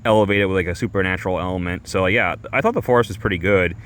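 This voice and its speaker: Low-voiced man rambling to his chat. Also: a bit bright, a little hiss or hum. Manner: halting, full of fillers and restarts, chuckles often. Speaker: streamer. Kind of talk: rambling comedic monologue.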